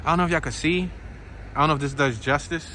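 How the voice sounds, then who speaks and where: A man narrates a casual walking tour straight to his viewers, chatty and excitable, with slangy asides. His voice sits a bit high for a man. He records on a handheld gimbal camera outdoors, with clear street noise behind him. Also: fast.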